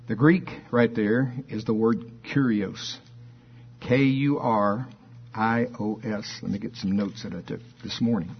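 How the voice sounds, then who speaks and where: A man preaching a sermon, reading scripture slowly with dramatic stress and firing off rhetorical questions. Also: medium pitch, husky, highs cut off. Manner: fervent, rising to emphatic exclamations and rhetorical questions.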